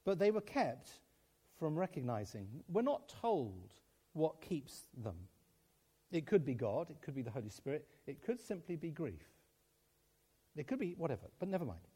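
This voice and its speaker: Lively preacher telling a story. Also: male voice, on the high side, normal speed, slightly rough. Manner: storytelling with acted dialogue, laughing often. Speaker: pastor. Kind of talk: sermon.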